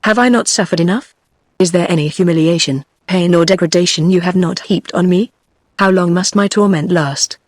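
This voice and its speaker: A woman's voice: on the low side, normal speed, no echo, studio quality, lightly acted. A synthetic British woman reading a terrified captive girl. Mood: pleading. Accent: British English.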